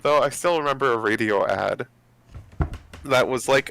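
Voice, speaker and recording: A man's voice: medium pitch, moderate pace, creaky, pauses often, fairly bright tone. A man chatting casually with friends while gaming, rambling with lots of fillers and restarts, over a voice chat headset.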